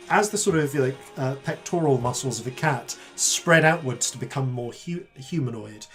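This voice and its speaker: A man narrating as dungeon master, halting and full of fillers and self-corrections. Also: medium pitch, fairly bright tone. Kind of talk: narrating a tabletop game.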